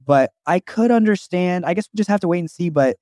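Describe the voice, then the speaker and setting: A man's voice: high-pitched, animated, brisk, darkish tone, no room sound, clean studio sound. A young man co-hosting a podcast in a casual chat, rambling and restarting his sentences with many "like"s. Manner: rambling, restarts often, says "like" a lot. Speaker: podcast co-host, actor.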